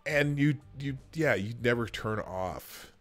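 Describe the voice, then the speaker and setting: A man's voice: medium pitch, lively intonation, takes it slowly, a bit bright, faint music behind. A man hosting a livestream, chatting casually and rambling with many restarts. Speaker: host.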